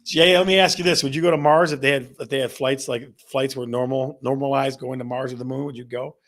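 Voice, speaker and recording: Middle-aged man with a gravelly voice, hosting a chatty real estate stream and asking viewers questions. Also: medium pitch, steady tone, quick pace, fairly bright tone. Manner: chatty, repeats phrases, asks the audience questions. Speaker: real estate show host. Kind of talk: casual live-stream chat reading viewer comments.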